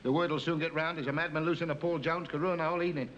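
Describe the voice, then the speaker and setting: A man's voice: fairly high pitch, fairly even intonation, racing, a bit bright, natural voice. Give me a cheeky, scheming pal played by a man on old radio. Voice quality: chummy, wheedling, chuckling. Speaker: scheming friend. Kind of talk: 1950s radio comedy acting. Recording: muffled old radio recording with faint hiss.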